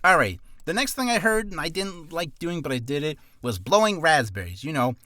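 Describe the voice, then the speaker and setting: Casting note: nervous, quick-talking man, voice swinging high and low, close dry sound. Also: very animated, bright, forceful tone, dry recording. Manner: rambling, self-deprecating, quick-talking. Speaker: aspiring voice actor giving warm-up tips. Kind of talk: casual vlog tutorial. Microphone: camera on a stand.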